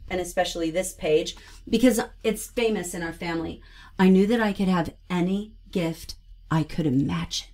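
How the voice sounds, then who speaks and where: Woman gushing about kids books, chatty and expressive, giving read-aloud tips. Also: medium pitch. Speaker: host reviewing children's books. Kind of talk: casual book review with read-aloud tips.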